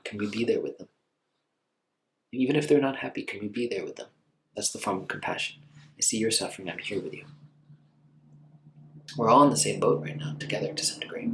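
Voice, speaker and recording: Man, lowish voice, meditation teacher, relaxed conversational delivery, lots of filler words. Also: slight background noise, low-quality recording. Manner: conversational, gentle, many fillers like "like". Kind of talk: informal dharma talk.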